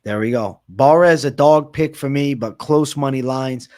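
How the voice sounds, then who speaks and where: A man's voice: mid-range voice, unhurried, a little mellow, no room sound, studio quality. A man hosting a betting podcast, talking fight picks in a loose, joking, slangy way. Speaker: MMA betting podcast host. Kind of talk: casual fight-picks chat.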